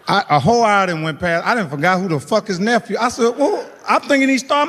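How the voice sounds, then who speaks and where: Performing a stand-up set, this middle-aged man speaks fast in a voice that sits high, spinning profane stories and voicing the characters in them. The recording comes from a comedy stage with a laughing audience, carrying live hall reverb and a little noise.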